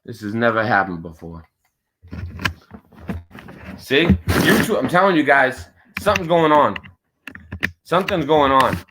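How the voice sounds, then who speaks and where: A man's voice: mid-range voice, sing-song, unhurried, pauses often, background noise. A male livestream host delivering an angry, profane, confrontational rant straight at a viewer.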